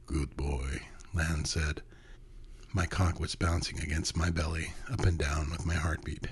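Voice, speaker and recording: A man narrating a first-person story in an intimate, hushed way, often dropping to a whisper. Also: extremely low pitch, flat delivery, moderate pace, breathy edge.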